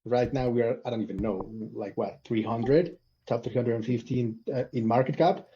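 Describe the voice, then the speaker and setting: A man's voice: mid-range voice, moderate pace, lo-fi sound, a little hiss or hum. A man arguing his point with energy in a casual online group discussion. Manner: animated, emphatic, arguing a point. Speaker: community panelist.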